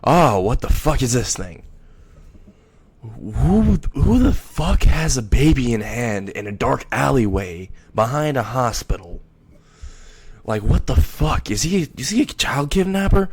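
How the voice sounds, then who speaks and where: A man's voice: mid-range voice, lively intonation, unhurried. A man voicing a crude, foul-mouthed male imp hitman in a storybook reading, swearing and stammering often. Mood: shocked. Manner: swears constantly, blurts and stammers. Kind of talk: storybook character voice.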